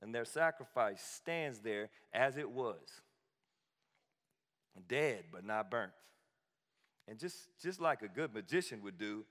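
A man preaching a sermon as lively storytelling, joking and laughing often. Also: mid-range voice, long reverb tail.

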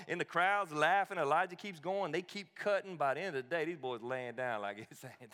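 A man preaching a sermon as lively storytelling, joking and laughing often. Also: a little high, a little fast, few pauses, long reverb tail.

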